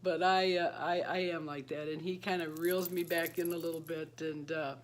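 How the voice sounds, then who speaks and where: A woman's voice: deep voice, level tone, normal speed. A retired woman in her fifties chats to camera about married life. She rambles from one thought to the next, laughs often, and acts out the voices of people she quotes. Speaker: beauty vlogger. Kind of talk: casual chat to camera.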